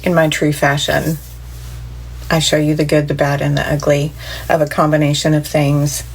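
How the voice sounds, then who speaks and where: A woman's voice: low voice, monotone, moderate pace, slight background noise, poor audio. A woman speaking wearily and reflectively in a candid vlog, tired from lack of sleep. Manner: weary, reflective. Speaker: content creator.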